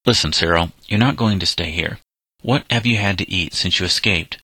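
A calm, stern young farmhand, firm and earnest as he reasons with a boy, as a man reads him in a storybook. The voice is very deep, with a bright, forceful tone, and the recording is close and dry. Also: normal speed, no room sound.

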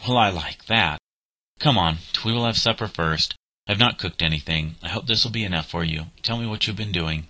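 An earnest, burdened schoolgirl who scolds and then steadies her younger brother, read by a man. The voice stays very deep and forceful, with a dry, close sound. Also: normal speed, no room sound, exaggerated voice. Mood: reproachful. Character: diligent, burdened schoolgirl, older sister.

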